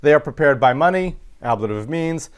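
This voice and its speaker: A man teaching Latin, working slowly through sentences and parsing each word aloud, with frequent pauses and fillers. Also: fairly high pitch, expressive, smooth. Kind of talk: recorded grammar lesson.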